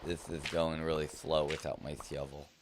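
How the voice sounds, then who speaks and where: A man's voice: extremely low pitch, little pitch movement, normal speed, noisy background. A man streaming a game live, talking in a playful, rambling way full of silly jokes. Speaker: gaming streamer. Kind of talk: live gameplay commentary.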